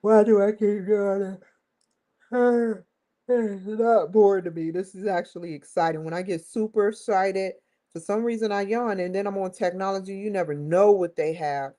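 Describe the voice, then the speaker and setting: A woman hosting a casual study vlog, thinking aloud, muttering to herself and breaking into excited exclamations. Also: mid-range voice, moderate pace, rough recording. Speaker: host.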